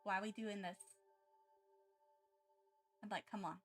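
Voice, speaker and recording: Speaking unhurriedly in a mid-range voice, a woman who streams art talks casually with viewers, getting excited, rambling and often restarting sentences. Faint music plays behind her.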